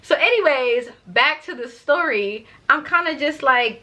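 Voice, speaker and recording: A young woman telling a story to her viewers in a chatty, animated way. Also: high voice, a little slow, hardly any pauses. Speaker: vlogger. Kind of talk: story time vlog.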